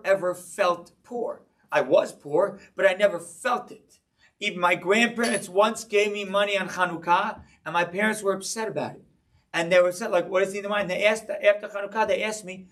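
A man giving a sermon-style Torah class, telling stories with animated delivery and acting out voices in them. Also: high-pitched, recorded from a distance. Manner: animated storyteller, acting out a child's voice. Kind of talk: sermon with storytelling.

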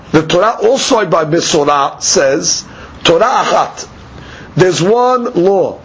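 A man with a fairly high voice leads a daily Talmud lesson, walking through the text by posing questions and answering them himself. The recording is dull and lo-fi, with a faint hiss underneath. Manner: explanatory, asks and answers his own questions. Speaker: Talmud teacher. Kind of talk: daily Talmud study lecture.

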